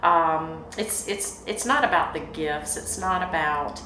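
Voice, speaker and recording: A woman's voice: low-pitched, a little slow, roomy sound, a little hiss or hum, poor audio. A woman, a mayor chatting in an interview with lots of fillers. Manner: warm, chatty, many fillers, emotional in places. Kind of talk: casual interview reminiscing.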